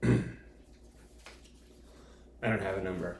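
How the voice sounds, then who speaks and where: A man's voice: deep voice, flat delivery, takes it slowly, roomy sound, heavy background noise. A man acting as an art teacher, giving a video art lesson for young children and patiently explaining each step, with frequent fillers.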